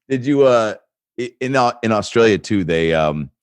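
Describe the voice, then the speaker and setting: Lower voice guy comedian, rambly, lots of uh and restarts, laughs a ton, super dry close mic. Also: lively intonation, slow, clear, resonant tone, no room sound. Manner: rambling with many fillers and restarts, bursts into laughter. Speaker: comedian on a podcast. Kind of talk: casual chat, storytelling.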